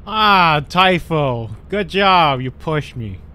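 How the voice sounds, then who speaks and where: A woman streamer chatting while playing a co-op game, excitable, swearing and laughing. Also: low voice, takes it slowly. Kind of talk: casual gaming chat. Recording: game noise underneath.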